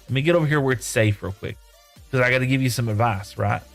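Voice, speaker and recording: Chatty male game streamer over soft music. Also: mid-range voice, quick pace, creaky. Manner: rambling, reads viewer chat aloud and chats back. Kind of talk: casual live-stream chat while playing. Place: home room.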